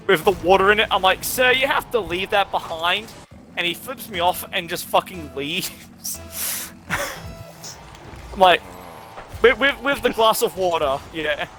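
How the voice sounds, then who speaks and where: A man's voice: sits high, expressive, measured pace, long pauses, bright, forceful tone, soft background music. A young man who tells a rambling, sweary story while gaming with friends. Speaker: streamer and gamer.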